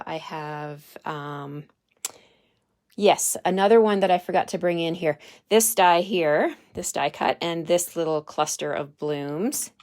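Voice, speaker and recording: A woman hosting a live card-stamping demonstration, chatty and friendly, thinking aloud as she works. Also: on the low side.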